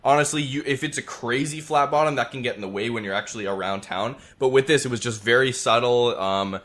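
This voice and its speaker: A man's voice: medium pitch, brisk, a bit bright. A man in a casual car podcast chat, patiently explaining engines and driving feel in technical detail. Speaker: car reviewer.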